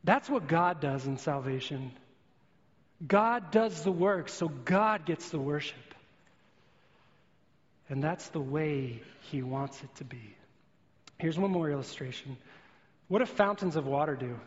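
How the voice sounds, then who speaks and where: A man's voice: a little high, measured pace, long pauses. A man preaching a sermon in a church hall, earnestly building his points through vivid everyday illustrations. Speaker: pastor. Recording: long hall reverb, dull lo-fi sound.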